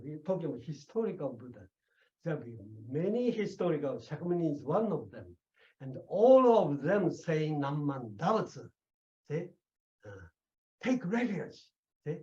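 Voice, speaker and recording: A man lectures on a Buddhist text, stressing key words and stopping to ask "okay?" and "see?". His voice is slightly high but mellow. The recording sounds a little dull and lo-fi. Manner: emphatic, repeats "okay?" and "see?" to check understanding. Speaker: Buddhist teacher.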